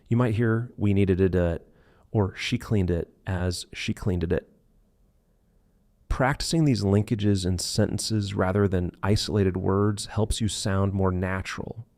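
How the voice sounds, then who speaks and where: A man teaching English pronunciation in a scripted lesson, slowly modeling example words one by one. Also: sits low, gravelly, a little mellow, no echo, studio quality.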